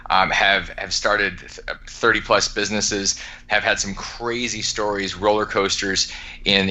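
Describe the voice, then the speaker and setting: Energetic man with a bright voice. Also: low voice. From Alaska. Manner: energetic, emphatic, some restarts. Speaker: guest, entrepreneur. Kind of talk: casual podcast interview.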